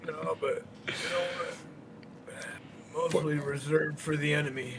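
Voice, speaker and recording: A man chatting casually on a livestream, telling stories with lively quoted voices. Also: on the high side, a little slow, creaky, noisy background. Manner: storytelling, animated when quoting others. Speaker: streamer. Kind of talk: casual chat.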